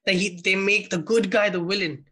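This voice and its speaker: A film podcast co-host with a bright, forward voice, talking casually and swearing freely. They retell scenes by acting out the characters' lines with enthusiasm. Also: mid-range voice, fairly even intonation, brisk, husky.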